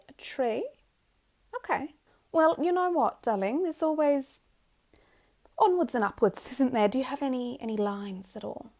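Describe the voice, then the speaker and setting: A woman's voice: fairly high pitch, creaky, darkish tone, full character voice. A woman playing a doting rich Australian mum, whispered role-play. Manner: gushing and fussy, calls the listener darling. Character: doting wealthy middle-aged Australian mother.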